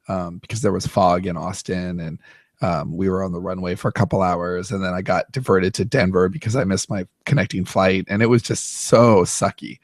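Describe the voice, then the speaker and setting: A man's voice: sits low, no room sound. A man hosting a podcast, telling a story casually with frequent laughs and self-deprecating asides. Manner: self-deprecating, laughs often, many restarts. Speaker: podcast host.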